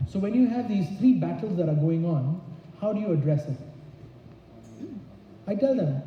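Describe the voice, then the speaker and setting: A man with a high voice coaches a room of salespeople, pressing each point with rhetorical questions. His voice rings through a large hall with a long reverb, and the recording sounds muffled. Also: lively intonation, normal speed, long pauses, recorded from a distance. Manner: emphatic, throws rhetorical questions at the audience. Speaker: insurance sales trainer. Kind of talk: seminar talk to an audience. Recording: echoey dull hall recording.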